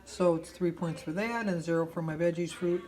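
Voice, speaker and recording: A woman's voice: on the low side, moderate pace, darkish tone, rough recording. A woman chatting casually in a diary vlog at home, rambling and chatty with plenty of fillers. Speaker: vlogger.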